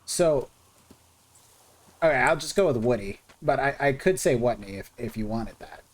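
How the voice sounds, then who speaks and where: A man streams a video game and talks casually throughout. He rambles and thinks aloud in an easygoing way, and his voice sits at a middling pitch. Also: lively intonation, moderate pace. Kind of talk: casual gaming commentary.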